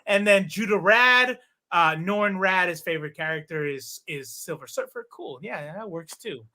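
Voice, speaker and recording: A man in his thirties telling stories in a casual chat, animated, swearing and acting out what people said. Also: high voice, normal speed. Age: 30s. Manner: animated, swearing, acts out quoted dialogue. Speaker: podcast guest.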